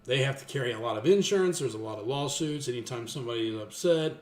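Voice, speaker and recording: A man in his thirties telling a long, rambling story in casual chat, restarting often and getting lively when he quotes people. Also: medium pitch, quick pace. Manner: rambling with many restarts, animated when quoting others. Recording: echoey room with faint music.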